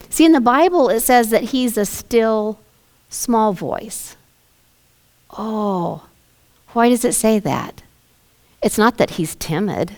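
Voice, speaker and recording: A woman pastor preaching a sermon in a gentle, conversational way, asking her listeners questions. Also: on the high side, animated, slow, pauses often.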